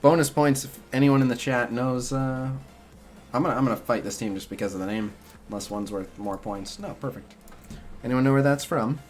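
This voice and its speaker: With faint music in the background, a young man speaks a little fast in a medium-pitched voice as he streams a mobile game. He responds to chat in a loose, rambling way full of "uh" and "like."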